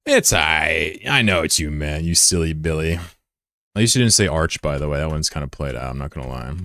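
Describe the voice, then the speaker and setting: Game dev streamer, male, low resonant voice; flips from yelling to grumbling. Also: brisk, no echo, clean studio sound. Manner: excitable, swings from loud shouting to muttered frustration. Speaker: game developer streaming his own game. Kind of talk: casual livestream chat.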